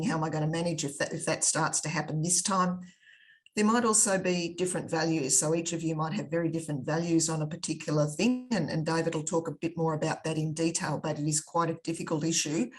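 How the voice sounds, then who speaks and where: An Australian woman speaking as a panelist in a webinar, thoughtful and measured, with frequent fillers. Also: sits low. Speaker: panelist on conflict resolution. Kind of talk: webinar discussion.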